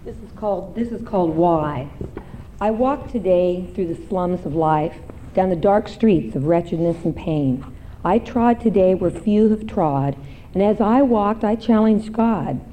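A woman's voice: medium pitch, animated, mellow, slight background noise, poor audio. A woman giving a dramatic reading of a poem to a church gathering. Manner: slow, building to anguished cries. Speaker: congregation member reading a poem.

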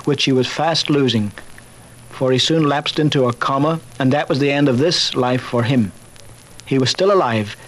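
An older man, a chaplain, giving a measured talk on faith with dry humor and personal stories. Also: on the high side, low-quality recording. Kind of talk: recorded talk on faith, told through anecdotes.

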